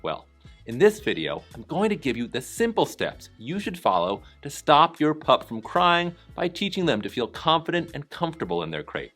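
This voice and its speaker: A man giving scripted voice-over narration for a training lesson, calm, instructive and encouraging. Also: fairly high pitch, moderate pace, faint music behind.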